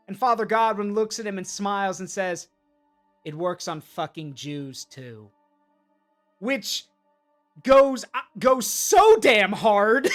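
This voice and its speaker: Rambling laughing game streamer. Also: male voice, sits high, a bit bright. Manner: rambling, laughing, swearing asides. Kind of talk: casual gameplay commentary.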